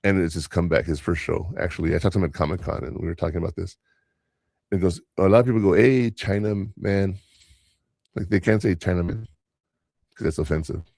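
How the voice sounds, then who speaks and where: A man's voice: low-pitched, steady tone, quick pace, vocal fry, darkish tone, slightly rough, no room sound, studio quality. An older man hosting a podcast in casual chat, rambling through stories and acting out other people's lines. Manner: rambling storyteller, quoting others in voices. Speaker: podcast host.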